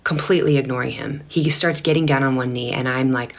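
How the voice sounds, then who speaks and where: A woman's voice: extremely low pitch, brisk. A woman telling a story in a casual clip, acting out the dialogue as she goes. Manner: animated, acts out dialogue. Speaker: content creator telling a story.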